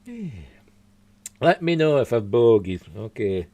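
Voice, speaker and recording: With a mellow, sing-song medium-pitched voice that runs a little slow, a Yorkshire man reads articles aloud for a casual news chat at home. He rambles, adds asides and makes slips, and the highs are cut off in the recording.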